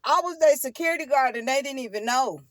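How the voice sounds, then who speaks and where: High-pitched and fast, with no room sound, a middle-aged woman who runs a tarot channel talks straight to her viewers in an offhand monologue. She's emphatic, repeats herself, laughs a great deal, and throws in preachy remarks.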